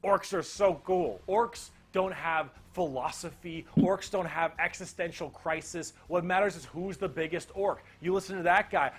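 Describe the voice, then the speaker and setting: A man with a voice pitched a bit above the usual male range, explaining things in loose, comedic fashion. He talks with bouncy energy and slips in casual swearing. The delivery stays playful and excited throughout. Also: moderate pace, hardly any pauses, breathy edge. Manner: energetic, joking, swears freely. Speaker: explainer video narrator.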